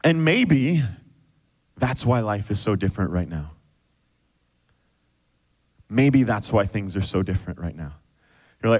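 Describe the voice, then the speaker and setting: A male pastor preaching a lively sermon, acting out quoted voices of God and the people. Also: lowish voice, measured pace, long pauses.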